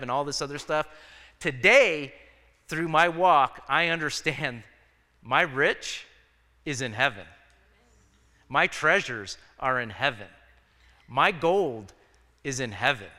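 A pastor giving a casual, conversational sermon, telling personal stories with frequent fillers and self-corrections. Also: male voice, mid-range voice, bright, forceful tone, clear, resonant tone. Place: church. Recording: church hall reverb.

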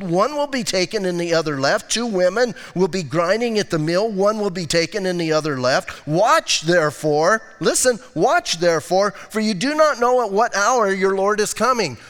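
Man, pastor, casual joking sermon, high voice, long hall reverb. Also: a bit bright. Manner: chatty, joking, says "hey" often. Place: church sanctuary.

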